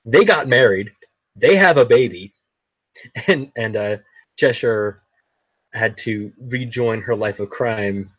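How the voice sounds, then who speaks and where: A man's voice: lowish voice, breathy edge, dry recording, muffled recording. A young man hosting a podcast, recapping an episode in a rambling casual chat, often laughing and repeating words.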